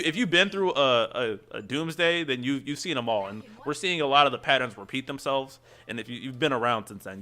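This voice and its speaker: Streamer guy ranting about his game, bright voice, keeps restarting sentences. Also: medium pitch. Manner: fast, rambling rant with frequent restarts. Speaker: streamer host. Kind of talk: casual game stream rant.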